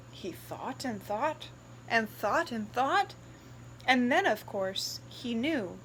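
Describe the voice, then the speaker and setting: A woman reading a picture book aloud in a sing-song, expressive storytelling voice. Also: on the high side, slow pace, slight background noise, rough recording.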